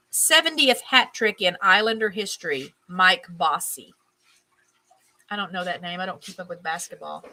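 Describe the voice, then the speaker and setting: A woman's voice: mid-range voice, sharp tone, rough recording. A woman hosting a casual stream, reading items aloud, tripping over names, and adding chatty musing asides. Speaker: host.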